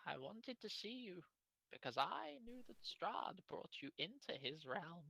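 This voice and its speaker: A man's voice: high voice, very animated, creaky, sharp tone, husky, no echo, pitched above the performer's own voice, heavily acted, rough recording. A man putting on an old crone fortune teller. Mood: solemn. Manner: slow, drawn-out, raised old-woman voice. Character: old female fortune teller, abrupt and grave.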